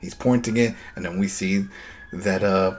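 A man's voice: deep voice, fairly even intonation, moderate pace. A man hosting a podcast, recapping an episode in casual chat and acting out characters' lines with animation. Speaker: podcast host.

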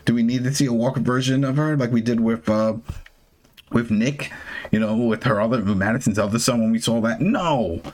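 A man's voice: mid-range voice, brisk, a little mellow. A man hosting a casual TV recap, ranting with exasperation and frequent restarts. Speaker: TV show recap host. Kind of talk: casual opinionated recap chat.

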